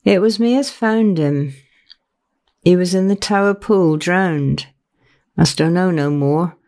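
A woman voicing a kindly older housekeeper, speaking gently and slowly. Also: lowish voice. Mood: gentle.

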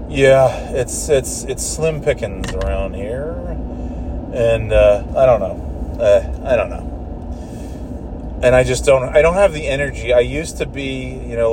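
A man's voice: medium pitch, noisy background. A man ranting casually in a car, rambling, swearing and restarting his sentences. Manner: profane, rambling, exasperated, with frequent restarts.

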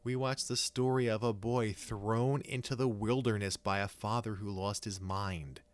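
A man's voice: on the low side, steady tone, measured pace. A man co-hosting a podcast, talking casually and enthusiastically, rambling with many fillers and restarts. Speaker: podcast co-host.

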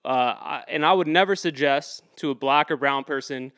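A man's voice: a little high, normal speed, a bit bright, smooth, dry recording. Rambling, heated man in a dry room. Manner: rambling, filler-heavy, heated and emphatic. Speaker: activist guest. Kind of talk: casual interview storytelling.

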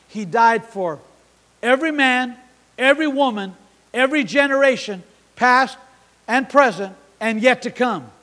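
A male pastor preaching an impassioned sermon, swinging from hushed asides to shouting. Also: high voice. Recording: long hall reverb.

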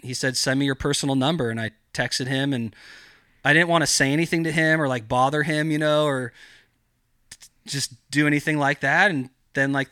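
A man's voice: mid-range voice, clean tone, no echo, studio quality. A man guesting on a podcast, telling a story in a casual, rambling way, swearing a lot, filling his talk with fillers, and acting out the voices he quotes. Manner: profane, rambling, animated, heavy on fillers.

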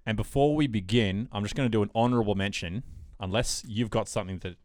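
A man's voice: lowish voice, fast talker, a little mellow, no room sound, clean studio sound. A man co-hosting a podcast in a casual chat, rambling with lots of fillers as he retells TV scenes. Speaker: podcast co-host.

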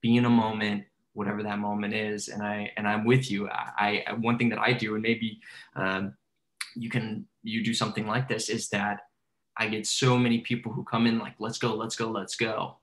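A man's voice: fairly low pitch, flat delivery, moderate pace, a bit bright. A man hosting a casual podcast conversation, a trainer who animatedly acts out his exchanges with clients.

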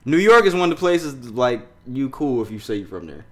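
A man's voice: medium pitch, very animated, a little fast, fairly bright tone. A man, hosting a casual podcast chat and slipping into voices when he quotes people. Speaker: podcast host.

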